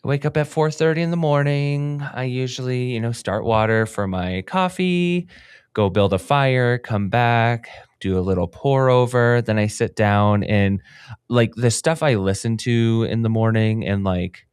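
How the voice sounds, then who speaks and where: A man's voice: mid-range voice, unhurried, clear, resonant tone, dry recording, clean studio sound. A man co-hosting a running podcast, chatting casually and rambling with lots of fillers. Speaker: podcast co-host. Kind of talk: casual chat.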